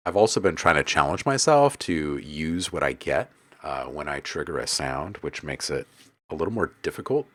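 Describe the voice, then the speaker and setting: A low-pitched man chatting casually with viewers on a live music-production stream. His voice swings widely in pitch as he teases people in chat and chuckles at his own jokes. The talk is loose and playful, full of asides and quick laughs. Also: big pitch swings. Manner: playful, jokey, laughs often, reads chat aloud. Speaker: livestream host and music producer.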